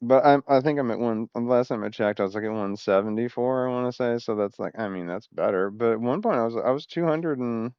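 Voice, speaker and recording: Give me a man rambling and swearing through a personal vlog in a smooth voice, recorded dry and slightly muffled. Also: mid-range voice, fairly quick, few pauses, no echo. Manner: scattered, loses his thread, swears often. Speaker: vlogger.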